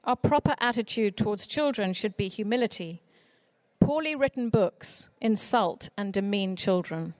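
A woman who writes children's books, giving an earnest, expressive talk on writing for children. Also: mid-range voice, normal speed, no echo. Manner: earnest, expressive speaker with mock voices for quoted people. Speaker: children's author. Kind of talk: conference talk.

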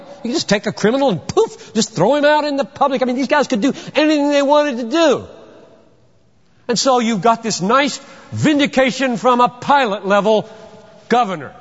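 Male pastor, sermon, fairly high voice, emphatic with rhetorical questions, muffled recording. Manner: animated, emphatic, rhetorical questions, bursts of shouting. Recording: dull sound with long hall reverb.

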